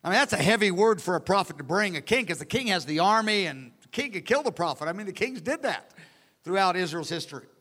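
A man preaching a sermon in an animated, conversational way, acting out the characters between his asides. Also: sits high, fast talker. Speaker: pastor. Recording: long hall reverb.

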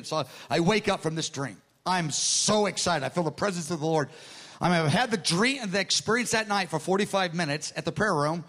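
A man preaching a sermon, telling a story with lively quoted dialogue and repeating words as he starts phrases. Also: high-pitched, fairly quick.

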